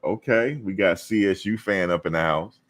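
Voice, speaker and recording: A low-pitched man speaks at a normal pace as host of a casual live-stream talk show. He's animated, teasing his viewers and responding to the chat.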